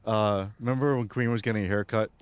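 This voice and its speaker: A man's voice: fairly low pitch, steady tone, quick pace, smooth, no room sound. A man streaming, chatting casually while gaming, rambling along and laughing often. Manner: rambling, laughs often, does goofy voices in retold scenes.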